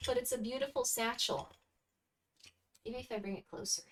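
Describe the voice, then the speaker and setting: A woman streamer in a casual unboxing chat, her voice pitched a touch high. She gushes over each item, swinging between hushed, breathy half-whispers and bursts of eager chatter. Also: moderate pace, a little hiss or hum. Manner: gushing, excitable, often dropping to a half-whisper. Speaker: VTuber streamer.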